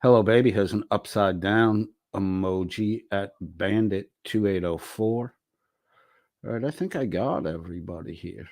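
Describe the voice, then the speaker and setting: A man's voice: fairly low pitch, normal speed, few pauses, darkish tone, no echo, studio quality. A man hosting a livestream, reading viewer comments aloud with profane, wisecracking asides. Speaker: livestream host reading chat.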